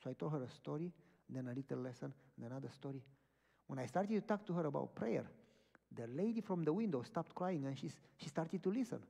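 A man's voice: on the high side, brisk, gravelly. A man preaching, telling a personal story and acting out the dialogue. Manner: animated, acts out dialogue in stories. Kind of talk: storytelling sermon. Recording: echoey hall from far off.

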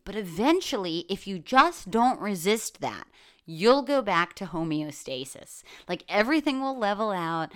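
A woman's voice: medium pitch, very animated, a little slow. A woman hosting a solo podcast, talking candidly and with plenty of swearing, saying "like" often and restarting her sentences. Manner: candid and profane, with lots of "like" and restarts. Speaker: podcast host. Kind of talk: casual solo podcast monologue.

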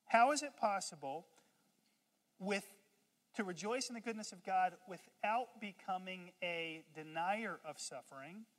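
A pastor preaching a sermon in a conversational way, calling on the congregation to repeat lines and breaking into lively asides. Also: measured pace. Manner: conversational preaching with call-and-response; animated, jumps high in pitch and loudness for humorous asides. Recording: long hall reverb.

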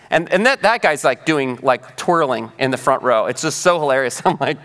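A man preaching a sermon, telling a lively story and acting out the people in it. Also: on the high side, fast talker, hardly any pauses, long reverb tail. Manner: animated, excitable storytelling with quoted voices. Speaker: pastor.

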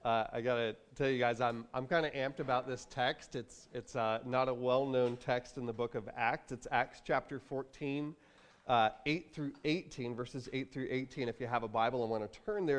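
A man in his thirties preaching a sermon, animated, acting out storybook voices as he tells it. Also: medium pitch, moderate pace. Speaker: pastor.

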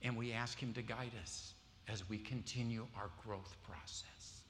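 A man's voice: on the low side, fairly even intonation, measured pace, fairly bright tone, a little hiss or hum. A man preaching a sermon to a congregation, telling stories and quizzing the audience with questions. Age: adult with wife and kids. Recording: long hall reverb, faint ambience.

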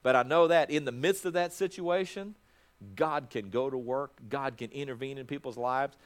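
A man's voice: mid-range voice, normal speed, clean tone. A middle-aged man, a pastor, preaching a sermon in a conversational way, often restarting his words.

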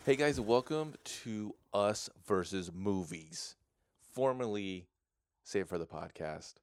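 A man's voice: on the low side, animated, slow, smooth. A man co-hosting a casual movie podcast, joking and rambling and laughing often. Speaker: podcast co-host.

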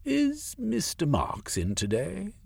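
A man's voice: sits high, wildly swooping pitch, takes it slowly, vocal fry, slightly rough, dry recording, voice pushed up, heavily acted. A man voicing a passionate young aristocrat turned radical, pleading his case in a storybook reading. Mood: impassioned.

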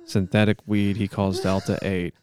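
A man's voice: sits low, flat delivery, moderate pace, a crowd in the background. A man hosting a casual podcast, joking around and putting on a mock-solemn prayer. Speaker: podcast host.

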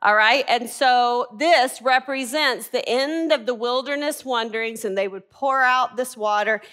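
A woman's voice: a little high, a little slow, a bit bright, smooth. A woman teaching a Bible class, asking the group questions and answering them herself.

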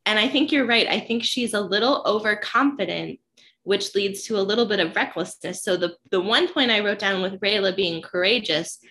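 A woman's voice: medium pitch, moderate pace, bright, forceful tone. Reflective woman co-host seeking agreement. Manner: reflective, asks agreement with "right?". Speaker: podcast co-host. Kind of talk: casual discussion of an animated series.

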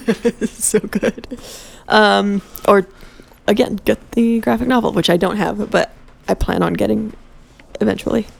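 A woman's voice: mid-range voice, steady tone, unhurried, gravelly, slightly rough. A woman co-hosting a podcast, chatting casually and giggling as she reads out an unboxing to her co-host. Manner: giggly, chatty, reads aloud with playful flourish. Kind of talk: casual chat during an unboxing.

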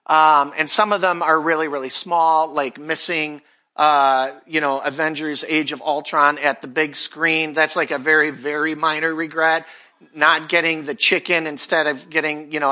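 Pastor, male, 40s, chatty sermon voice, very bright tone, pitched a bit high. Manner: conversational, self-deprecating, animated when quoting others. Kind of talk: casual sermon with storytelling.

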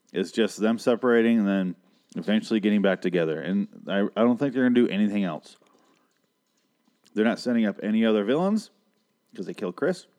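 A man's voice: lowish voice, darkish tone. Profane, sarcastic man recapping a show. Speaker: TV episode recapper. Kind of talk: casual episode recap.

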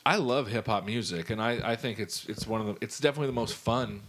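A man co-hosting a casual chat, talking in an animated, rambling way and swearing freely. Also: on the low side, quick pace. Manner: animated, profane, rambling enthusiasm. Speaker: podcast co-host.

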